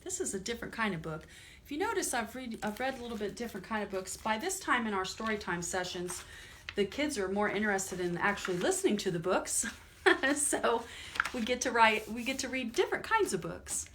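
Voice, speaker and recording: A woman librarian leading a toddler storytime, reading books aloud and gently asking the children questions. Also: medium pitch, sing-song, brisk, slight background noise.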